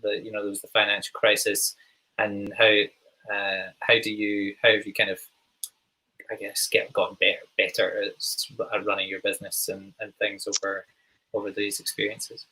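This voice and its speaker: A man with a softened Glaswegian accent hosts a relaxed interview. His voice is bright and slightly husky, and he talks haltingly, filling gaps with ums and restarts. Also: fairly low pitch, rough recording. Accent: Scottish, Glaswegian, toned down. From Glasgow, Scotland. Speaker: podcast host. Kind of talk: casual interview chat.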